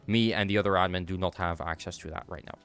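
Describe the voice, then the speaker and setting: This young Dutch gamer has a cold that leaves his nose blocked, yet he keeps up chatty banter with his stream's viewers and replies to chat mid-game. He talks fast in a deep, clear, resonant voice that's a bit bright and fairly even in intonation, over faint background music.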